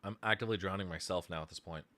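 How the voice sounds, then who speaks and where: A man's voice: low voice, racing, sharp tone. A man chatting casually on a live stream, rambling and self-deprecating as he thinks aloud, tired from lack of sleep. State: sleep deprived. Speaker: streamer and musician.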